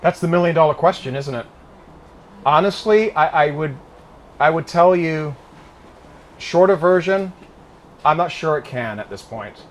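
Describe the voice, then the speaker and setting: A man's voice: fairly high pitch, lively intonation, a little slow, pauses often, a little hiss or hum. A man in his fifties answering audience questions in a conversational way, often repeating words as he starts a sentence. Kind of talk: speech with audience Q&A. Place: living room of a private home with an audience.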